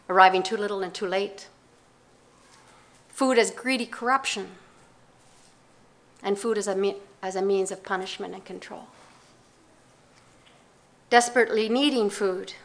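An older woman giving a talk, telling a personal story in a measured, reflective way with pauses and restarts. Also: mid-range voice, fairly bright tone.

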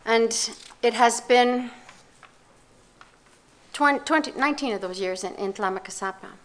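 A woman's voice: a little high, a bit bright. Older woman telling a reflective story. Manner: reflective, measured, with pauses and restarts. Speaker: speaker giving a talk. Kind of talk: personal storytelling talk.

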